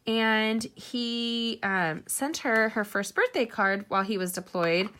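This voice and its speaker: A woman's voice: fairly high pitch, takes it slowly, pushed and bright, clear, resonant tone. A middle-aged woman hosting a casual live card-making tutorial, chatty and rambling with personal asides.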